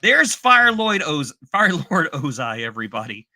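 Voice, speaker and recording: A man co-hosts a casual podcast with a strikingly bright, forward voice. His pitch swings widely as he exaggerates, and his register sits a little above the usual male range. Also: moderate pace. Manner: animated, exaggerated, breaks into mock voices. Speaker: podcast co-host.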